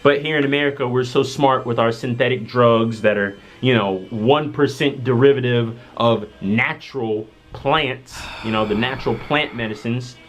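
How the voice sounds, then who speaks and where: A man in a short social media clip, speaking at a middle pitch in an earnest, preachy tone. He keeps tagging his points with little checks for agreement. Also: moderate pace, hardly any pauses, a little hiss or hum. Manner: earnest and preachy, leans on "you know" and "right?". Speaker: social media video creator. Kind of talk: earnest self-recorded advice video.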